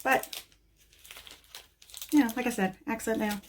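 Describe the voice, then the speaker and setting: A woman's voice: on the high side, steady tone, slow pace, a little hiss or hum. A woman nail technician chatting casually and bluntly while showing nail art supplies she bought. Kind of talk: casual product haul talk.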